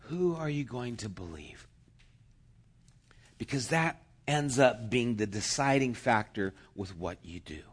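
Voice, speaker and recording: A man preaching a sermon, slow and emphatic, rising into loud cheering bursts. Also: medium pitch, animated, slightly rough. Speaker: pastor.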